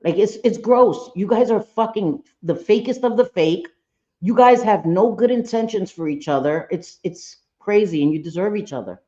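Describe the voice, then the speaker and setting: A reaction channel host with a mid-range, dark-toned voice talks at a moderate pace, animated, with the highs cut off in the recording. Hosting a live stream, she gives casual commentary on a played clip, blunt and swearing freely, repeating her points for emphasis.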